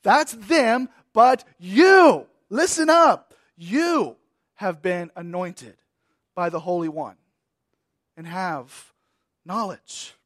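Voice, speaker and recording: A high-voiced man preaching a sermon at a slow, deliberate pace, leaning on repeated words for weight. He moves between raised, emphatic bursts and quiet, trailing phrases. The sound is close and dry, with no room echo. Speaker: pastor.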